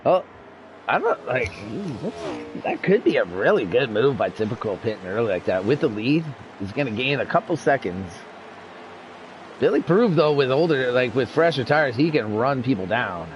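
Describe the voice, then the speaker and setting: A man's voice: medium pitch, big pitch swings, moderate pace, highs cut off, slight background noise. Chatty man analysing race strategy. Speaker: co-commentator. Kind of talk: casual live commentary.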